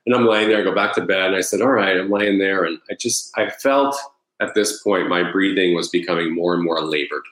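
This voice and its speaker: Low-voiced man telling a personal story. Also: fairly even intonation, brisk, a bit bright, roomy sound, rough recording. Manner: rambling, repeats words, voices his own past thoughts. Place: Los Angeles.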